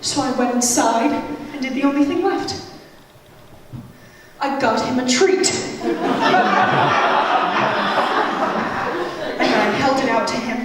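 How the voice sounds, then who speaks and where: A high-voiced woman does stand-up comedy, her delivery animated, lively and unhurried. She sounds distant from the mic, with long reverb filling a large hall and a steady hiss of noise beneath her. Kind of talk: stand-up storytelling. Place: comedy venue stage.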